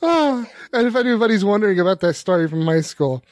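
A man co-hosting a podcast in a lighthearted mood. His voice is fairly high and swings widely in pitch as he jokes and laughs. The sound is dry and close. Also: lively intonation, no echo. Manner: playful, quick to laugh. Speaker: podcast co-host. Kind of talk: casual comedic banter.

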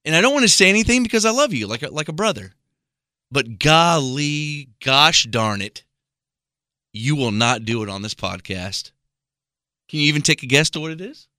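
An American man co-hosting a podcast, teasing his friend in a mock-exasperated, animated way. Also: fairly high pitch, fast talker, no room sound, clean studio sound. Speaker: podcast co-host. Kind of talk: casual podcast banter.

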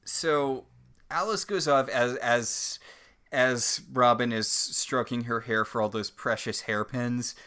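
A woman's voice: rumbling low, takes it slowly, fairly bright tone. A woman co-hosting a podcast, recapping an episode casually with dry, mocking humor. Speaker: podcast co-host.

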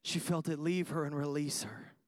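A man's voice: on the high side, steady tone, moderate pace, dry recording. A man preaching a sermon, emphatic, repeating phrases for effect and putting questions to his listeners. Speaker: pastor.

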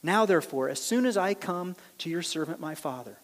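A man preaching a sermon, reading scripture aloud and acting out the characters' reactions in a lively, animated way. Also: a little high, brisk. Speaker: pastor. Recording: long hall reverb.

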